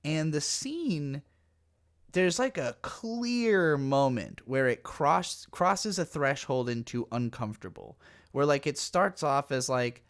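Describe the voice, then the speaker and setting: Animated, profane male anime reviewer. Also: mid-range voice, a little slow. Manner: animated, profane, excitable storytelling. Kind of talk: casual commentary.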